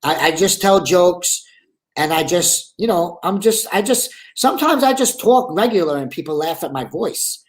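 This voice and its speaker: A man's voice: high voice, animated, normal speed. A man with a Brooklyn accent, a guest actor and comedian, chatting casually in a live interview over a video call, rambling with lots of "you know" and "like". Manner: rambling and talkative, full of 'you know' and 'like'.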